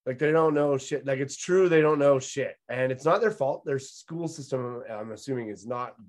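A man's voice: mid-range voice, moderate pace, a little mellow. Rambling man hosting a podcast. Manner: rambling, swears, laughs mid-story. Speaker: podcast host. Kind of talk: casual comedy podcast chat.

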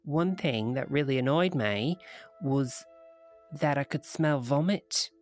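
A man doing an Australian woman recounting a strange encounter, in a put-on Australian accent. The voice sits at an ordinary middle pitch and tumbles along loosely, catching on its own words. It reads like a podcast host performing a listener's story. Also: lively intonation, slow pace, a little mellow, faint music behind. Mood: rambling, amused. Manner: breaks into laughter mid-story, stumbles over words.

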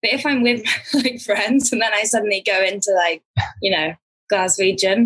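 A woman who grew up in Glasgow but now speaks with an English accent, chatting loosely as an interview guest. Her voice is soft and breathy, with a pitch that sits in the middle. She laughs easily and circles back through restarts as she thinks. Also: steady tone, moderate pace. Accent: English, neutral. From Scotland, grew up in Glasgow. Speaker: actor, guest. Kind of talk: casual interview chat.

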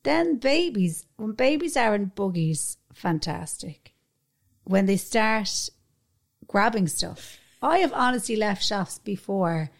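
A woman's voice: mid-range voice, lively intonation, slow, vocal fry. A woman in her thirties with an Irish accent, co-hosting a casual chat podcast, chatty and swearing freely. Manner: chatty, swears freely, acts out quoted asides. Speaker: podcast co-host.

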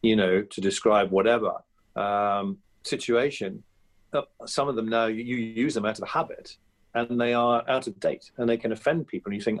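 Brief: male, fifties, lower pitch, relaxed anecdotal interview guest who talks through hesitations. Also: normal speed. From England. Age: 50s. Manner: chatty and anecdotal, with many fillers and restarts. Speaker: guest comedian and impressionist. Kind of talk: reflective interview talk.

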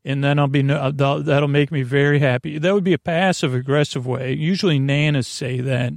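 Creaky-voiced man rambling at bedtime. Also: on the high side, fairly even intonation, fairly quick, few pauses, dry recording, clean studio sound. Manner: meandering, many filler words and tangents. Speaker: podcast host.

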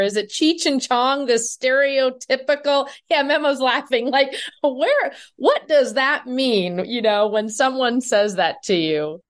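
Woman host, fairly high voice, chatty and winding when she asks things. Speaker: panel host. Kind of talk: panel discussion.

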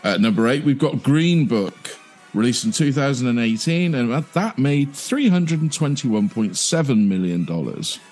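A man co-hosts a podcast, rattling through a ranked list in a casual, lively voice. His pitch moves around a lot around a medium centre. Faint music plays underneath him. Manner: lively, quick to laugh. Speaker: podcast co-host. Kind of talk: reading out a chart list, casual chat.

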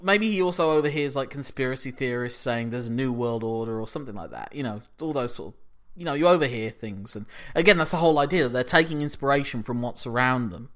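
A man's voice: mid-range voice, animated, fast, a bit bright. A man in casual chat, animatedly acting out scenes and swearing freely.

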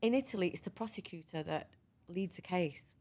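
A middle-aged woman tells her own story as a podcast guest, frank and animated, with a voice that sits a touch low. She keeps restarting her sentences as she goes. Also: fairly quick. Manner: lively, frank, runs sentences together with restarts. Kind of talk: conversational storytelling interview.

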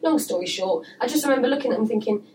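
An English actress chatting casually on a podcast, telling stories and acting out the people in them. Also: female voice, a little high, animated, rapid-fire, mellow, distant mic. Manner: chatty storyteller, acts out quoted voices. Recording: noisy room, voice away from mic.

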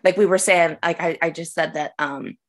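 A middle-aged woman with a low speaking voice chats casually as a podcast co-host. She talks frankly, full of fillers and restarts. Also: steady tone, normal speed. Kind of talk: casual chat.

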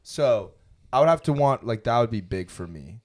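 A young man with a mid-pitched voice co-hosts a podcast in casual chat. His pitch swings widely as he rambles and restarts his sentences. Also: animated, moderate pace, a little mellow. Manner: rambling, restarts often, laughs through his points. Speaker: podcast co-host.

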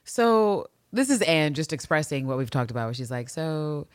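Low-voiced woman with a lively, swooping delivery. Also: brisk, dry recording. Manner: animated and profane, reacting with exaggerated outbursts. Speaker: podcast co-host. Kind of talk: casual podcast chat, reading diary entries aloud.

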